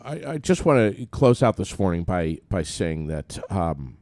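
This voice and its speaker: A man's voice: low voice, big pitch swings, measured pace, darkish tone, no room sound. A man co-hosting a casual morning talk show, reading news headlines and bantering wryly. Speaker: radio co-host. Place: studio.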